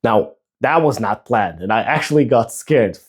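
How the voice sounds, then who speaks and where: A man's voice: mid-range voice, expressive, normal speed, slightly rough. A man who runs a tech channel, chatting casually through an unboxing, rambling, swearing and mocking himself as he grows exasperated. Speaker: tech YouTuber.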